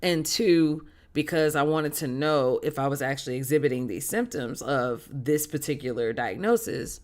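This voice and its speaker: A streamer recounting a personal experience to viewers. The voice is mid-pitched and chatty, with animated jumps in pitch and loudness and casual slang. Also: moderate pace. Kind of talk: casual storytelling chat.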